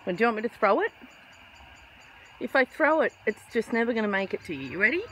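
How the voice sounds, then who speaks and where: Very animated and fast-talking, a young woman with a slightly high, bright voice coos at the wild kookaburras she's feeding outdoors among trees. She mutters casual asides to the handheld camera held at her side, over a little hiss or hum.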